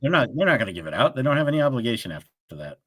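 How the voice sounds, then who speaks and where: A man's voice: medium pitch, rapid-fire, dry recording. A man co-hosting a casual live stream chat, telling stories and acting out the people in them. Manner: animated storyteller, acts out callers' lines. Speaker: co-host of a livestream show.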